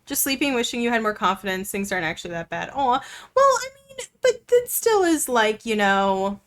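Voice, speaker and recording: A woman's voice: on the high side, sing-song, moderate pace, slight background noise. A woman streamer chatting casually with her viewers while playing a game, with plenty of fillers.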